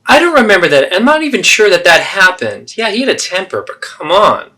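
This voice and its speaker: A man's voice: sits high, big pitch swings, brisk, sharp tone, voice pushed up, full character voice. A man acting out a defensive, self-absorbed middle-aged mother in a therapy role-play, anxious and dramatic. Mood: indignant.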